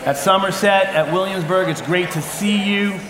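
A man in his forties preaching a sermon to a congregation, lively and humorous as he tells stories and calls out to the crowd. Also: high voice, moderate pace, reverberant. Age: 40s. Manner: lively, addressing a crowd with cheers and callouts; storytelling with humor. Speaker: pastor. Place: church auditorium before a congregation.

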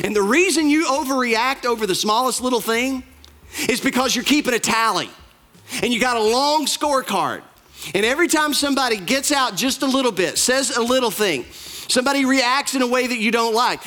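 A man with a notably high voice delivering a sermon as a pastor. He preaches emphatically, repeating phrases and building intensity as he goes. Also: animated, normal speed, pushed and bright.

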